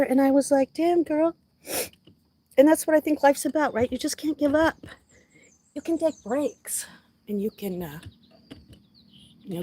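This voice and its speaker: A woman's voice: high voice, slightly rough. Heartfelt woman chatting outdoors. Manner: emotional, heartfelt, talks softly to animals. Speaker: vlogger talking to a live audience. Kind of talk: casual livestream chat.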